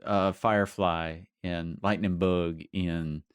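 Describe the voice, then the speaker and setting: A man's voice: low-pitched, steady tone, takes it slowly, smooth, dry recording. A man co-hosting a casual podcast, throwing in wisecracks. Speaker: podcast co-host. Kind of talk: casual chat.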